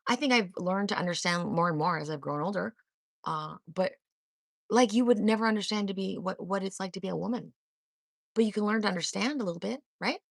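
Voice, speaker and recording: A woman's voice: mid-range voice, brisk, vocal fry, no room sound, studio quality. A woman hosting a livestream, talking back to chat viewers by name in a confrontational, sarcastic way and swearing freely. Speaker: livestream host. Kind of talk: heated live-chat monologue.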